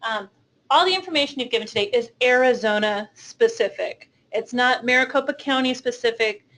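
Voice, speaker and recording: A woman's voice: a little high, brisk, a bit bright, rough recording. Woman asking short practical questions. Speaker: webinar host. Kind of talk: hosting a Q&A webinar.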